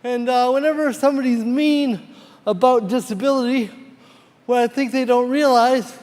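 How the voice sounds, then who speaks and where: Male stand-up, high voice, self-mocking punchlines, stage mic in a big reverberant hall. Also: normal speed. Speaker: stand-up comedian. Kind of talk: stand-up comedy set. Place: large theater stage before a live audience. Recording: reverberant hall with loud crowd noise.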